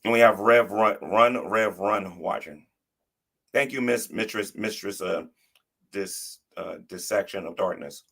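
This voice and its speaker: A man's voice: lowish voice, measured pace, a bit bright, breathy edge. A man hosting a livestream who gives casual, defensive commentary and often repeats himself and restarts his sentences.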